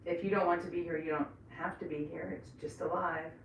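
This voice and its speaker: A woman's voice: on the low side, fairly even intonation, a little fast, a little hiss or hum. Middle-aged woman host, casual rambling live chat, heard from a little away in an echoey bathroom. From Florida. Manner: chatty, rambling, laughs often. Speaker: livestream host. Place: indoors in a bathroom. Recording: echoey room, voice from some distance.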